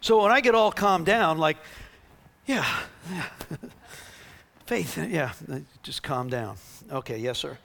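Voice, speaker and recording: A man delivers a sermon in a high, lively voice. He tells a story and acts out the dialogue with bursts of laughter, and his energy rises and falls as he goes. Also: slow pace, vocal fry. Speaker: preacher.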